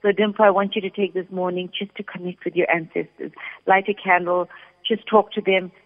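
A woman working as a psychic medium, calmly relaying messages during a radio reading. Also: fairly low pitch, brisk. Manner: calm, steady, relays messages in first person. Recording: phone-like sound with long reverb.

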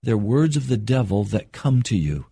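An older man preaching a sermon in an earnest, measured way, slowing down for emphasis. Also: lowish voice, sing-song, creaky, warm tone, husky.

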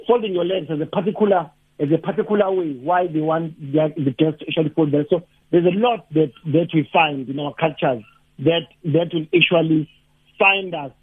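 A South African man, a lecturer and activist, talking haltingly with many restarts as a radio guest. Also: on the high side, slightly rough. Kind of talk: radio phone-in discussion. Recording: tinny phone line.

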